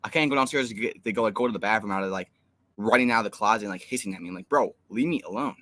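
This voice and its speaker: Racing along with a lowish, fairly bright voice, a young man co-hosts a fan live stream and winds his way through an exasperated story, leaning on lots of fillers as he chats casually.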